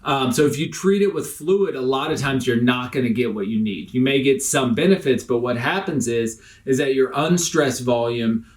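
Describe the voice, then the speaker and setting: Man, medical lecturer, casual explanatory delivery, mid-range pitch. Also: moderate pace, hardly any pauses. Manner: explanatory, casual, with frequent fillers. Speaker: critical care educator. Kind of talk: recorded medical lecture over slides.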